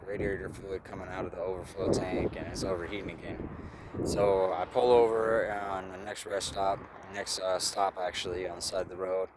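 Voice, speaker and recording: A fairly low-voiced man talks his way through a story in a loose, rambling, profane manner, full of fillers. He is outside next to a road, and clear traffic noise runs under his voice throughout. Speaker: vlogger. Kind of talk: casual storytelling. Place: outdoors by a roadside, traffic nearby.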